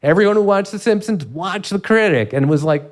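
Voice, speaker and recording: A man in his sixties, a comedy writer telling stories in an interview, animated and laughing often as he acts out quotes. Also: high voice, brisk. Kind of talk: storytelling in a podcast interview.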